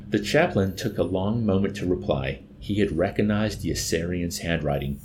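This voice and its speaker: A man narrating an audiobook with an expressive, dramatic reading. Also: low voice, normal speed, few pauses, background noise.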